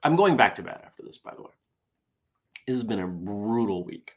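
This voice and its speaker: A man with a low, gravelly voice talks casually and sounds tired. He reads jokes aloud with a wry, self-deprecating manner. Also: sing-song, a little fast. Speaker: host. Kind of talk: casual morning chat, reading jokes.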